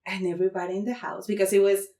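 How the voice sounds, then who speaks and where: A woman's voice: mid-range voice, rapid-fire. Mexican-accented woman telling a funny story. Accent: Mexican Spanish. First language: Spanish. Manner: animated, acts out quotes with squeals and laughter. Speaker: podcast guest. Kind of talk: comedic storytelling. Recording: roomy echo.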